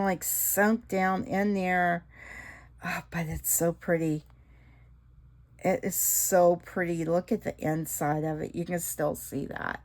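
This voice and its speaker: A woman's voice: lowish voice, steady tone, takes it slowly. A middle-aged woman, chatting casually to viewers while crafting and gushing over her work, often dropping to an awed whisper. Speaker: resin craft vlogger.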